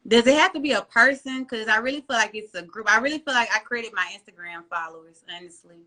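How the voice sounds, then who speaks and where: A woman guest on a podcast, telling animated stories in a casual, slangy way. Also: on the high side, fast. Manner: animated storytelling, slangy and playful. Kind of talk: casual chat.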